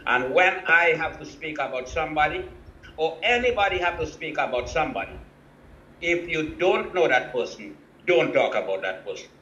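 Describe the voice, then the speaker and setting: A man's voice: fairly high pitch, animated, normal speed, sharp tone, reverberant, lo-fi sound. A man, calling in to a live show and speaking firmly and indignantly. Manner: firm, indignant. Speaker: caller. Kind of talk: phoned-in commentary.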